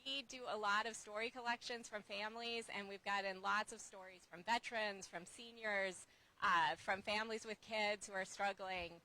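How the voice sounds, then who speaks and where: A woman speaks at an outdoor rally with an earnest, urgent push, pleading a case to the crowd. Her voice is bright and forward. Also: mid-range voice, fairly even intonation, moderate pace, poor audio. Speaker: anti-hunger advocate. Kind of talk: prepared rally remarks.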